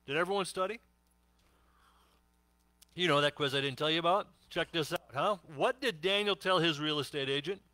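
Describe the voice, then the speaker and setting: A man's voice: fairly high pitch, moderate pace, long pauses, sharp tone, no echo. A middle-aged man preaching a sermon, telling jokes and laughing often in a chatty way. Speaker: pastor.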